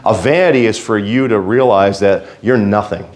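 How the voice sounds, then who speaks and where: A male pastor with a lowish voice preaches a sermon at a moderate pace, fervent and folksy. He swings between quiet asides and loud exhortation.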